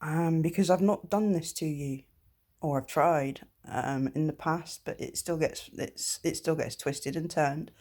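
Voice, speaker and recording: A woman with a slightly low voice talks straight to someone she knows in a personal vlog. She speaks haltingly, full of ums and false starts, and she is blunt, swearing freely as she goes. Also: a little mellow. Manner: halting, with many ums and restarts. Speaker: vlogger. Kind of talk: personal monologue addressed to one person.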